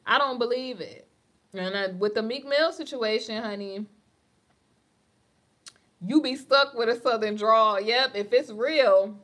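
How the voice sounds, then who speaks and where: A woman's voice: on the high side, measured pace, long pauses, a bit bright. A woman hosting a casual celebrity gossip livestream, chatty and calling her viewers "honey" as she reads their comments. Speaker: livestream host. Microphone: phone or webcam on a live stream.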